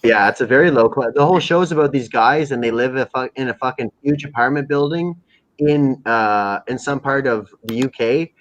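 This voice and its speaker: A man's voice: medium pitch, moderate pace, highs cut off. A man from Canada hosting a livestream, chatting casually with heavy swearing and a rambling way of talking. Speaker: livestream host. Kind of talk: casual chat.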